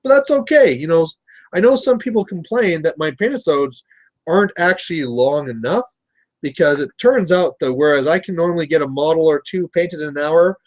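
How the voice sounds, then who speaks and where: Casual Canadian male streamer, rambling storyteller, slightly raised pitch. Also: expressive, normal speed. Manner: rambling storyteller, chatty with viewers. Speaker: miniature painting livestream host. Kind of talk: casual chat while painting.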